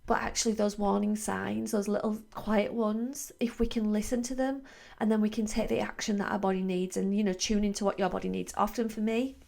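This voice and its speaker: Speaking fairly quickly in a level tone, a woman with a medium-pitched, gravelly and slightly mellow voice hosts a podcast on wellbeing. As a coach, she reflects casually and chattily, often restarting sentences and using fillers.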